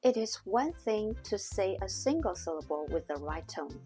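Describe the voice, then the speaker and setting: A woman teaching a language lesson in a scripted way, speaking slowly and carefully and demonstrating sounds one at a time. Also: medium pitch, sing-song, dark tone, soft background music. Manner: slow, careful, demonstrating tones on single syllables.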